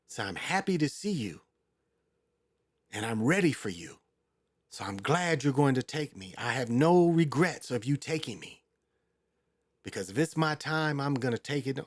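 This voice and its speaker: A man voicing a poor teenage boy who calmly welcomes death in a told story. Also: mid-range voice, no echo, studio quality, close to an everyday voice. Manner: calm, accepting.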